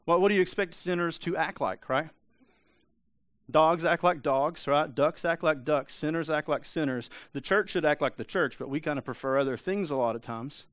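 A man preaching with a fairly high voice, talking straight to his listeners with pointed questions and blunt asides. The sound is close and dry, with no room echo. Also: moderate pace, fairly bright tone. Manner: emphatic, conversational preaching with rhetorical questions. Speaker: pastor. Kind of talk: sermon.

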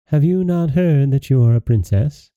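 A man voicing a gracious, motherly fairy queen in a storybook reading, soft and stately, on a dry, dull lo-fi recording. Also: mid-range voice, animated, moderate pace, no room sound, close to an everyday voice.

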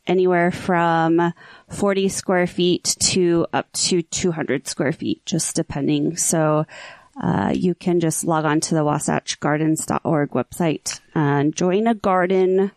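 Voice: mid-range voice, fairly even intonation, slow pace, darkish tone, no room sound. A podcast co-host speaking in a friendly, informative way with small fillers. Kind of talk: casual podcast chat.

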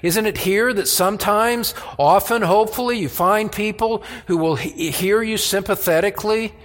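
A pastor preaching a sermon in an earnest, measured way, his voice rising when he voices the psalmist. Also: high voice, a bit bright, big-room sound. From United States.

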